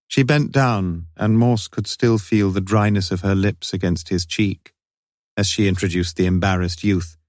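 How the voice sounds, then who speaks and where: A male narrator reads a classic mystery audiobook in a low, measured voice. His delivery is wry and even, recorded dry and close. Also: dry recording.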